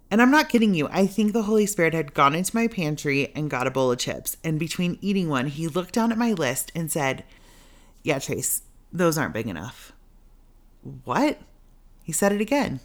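A woman podcast host telling a personal faith story in a candid, chatty way with self-deprecating humor. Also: sits low.

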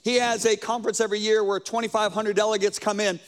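A man's voice: sits high, level tone, fast. A man preaching a sermon, telling stories and quoting conversations, with frequent rhetorical questions.

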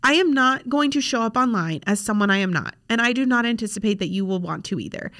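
A woman's voice: on the high side, fast, fairly bright tone. A young woman hosting a podcast as a social media coach, talking casually and frankly with plenty of fillers. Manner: chatty, frank, many fillers. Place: home desk with laptop.

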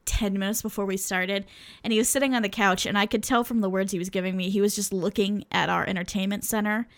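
A woman co-hosting a podcast in a relaxed, casual chat. Her voice sits at an ordinary middle pitch, and she talks loosely and informally, like she is chatting with friends. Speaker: podcast co-host.

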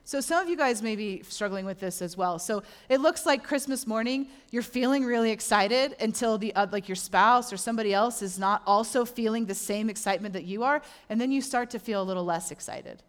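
A middle-aged woman preaches a sermon as a pastor. Her delivery is animated, and she acts out the voices of the people she quotes. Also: a little high, fairly quick, hardly any pauses.

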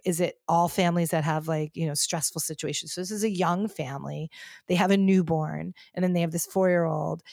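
A woman's voice: on the low side, darkish tone, no room sound, clean studio sound. A woman hosting a podcast, chatting animatedly about pop culture with lots of fillers. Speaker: podcast host. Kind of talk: casual pop culture chat.

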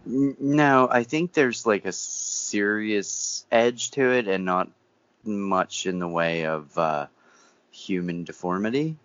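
Deep-voiced rambling man, dry lo-fi sound. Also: slow, a bit bright, no room sound. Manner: rambling with many fillers, dry humor. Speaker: podcast co-host. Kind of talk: casual chat.

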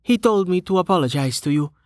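A man voicing a brisk, practical young woman adventurer in an audiobook reading, his voice raised higher for her. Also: animated, dry recording, clean studio sound.

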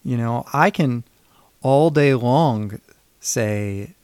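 A man's voice: mid-range voice, extremely slow, a little mellow, smooth, dry recording. A man co-hosting a podcast who talks firmly and emphatically, with carefully chosen words. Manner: firm, emphatic, precise phrasing. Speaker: podcast co-host. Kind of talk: reflective conversational discussion.

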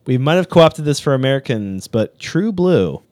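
A man's voice: medium pitch, sing-song, moderate pace, a little mellow, no echo, clean studio sound. A man joking and teasing his friends in a casual podcast chat.

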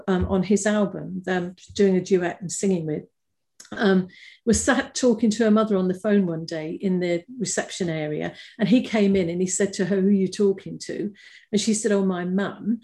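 A woman's voice: medium pitch, normal speed. An older woman, a guest in a casual interview, chatting through fond stories with restarts and bursts of laughter. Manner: chatty, warm-hearted anecdotes with frequent restarts and laughter. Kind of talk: casual conversational storytelling.

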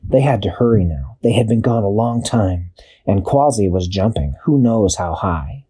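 Husky man telling a kids' story. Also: on the low side. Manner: expressive, drawn-out storytelling with sound-effect pauses. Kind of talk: improvised children's story narration.

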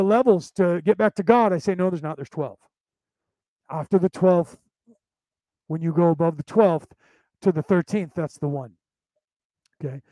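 A man from Ireland, using an American accent, teaches a class as a spiritual teacher in a loose, casual lecture, circling back and restarting as he explains step by step. His fairly high, mellow voice is heard in a dry, low-quality recording.

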